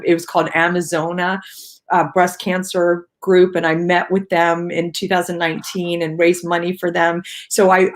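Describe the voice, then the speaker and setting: A woman guest on a video-call talk show, telling her story in a lively way and acting out her own cries and quotes. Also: lowish voice. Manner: animated, acts out her own shouts and quotes. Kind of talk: casual storytelling interview.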